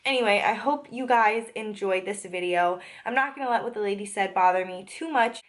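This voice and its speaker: A woman's voice: mid-range voice, fairly quick. A young woman telling a story in a casual vlog, chatty with lots of fillers, a little out of breath from a cold. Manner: chatty, many filler "like"s, indignant retelling. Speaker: vlogger.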